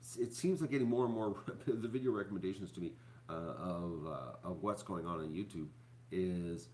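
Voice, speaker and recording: A YouTuber hosting his own channel rambles to viewers in a live stream, halting, repeating words, restarting and leaning on lots of fillers. He sounds depressed and upset, with a deep, slightly mellow voice. There's a faint hiss or hum in the recording.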